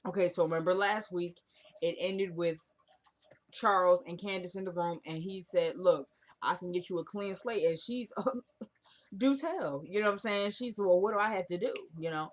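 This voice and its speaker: A young woman casually recapping a TV episode, chatty and animated, acting out the scenes as she retells them. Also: on the low side, moderate pace. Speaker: TV episode reviewer.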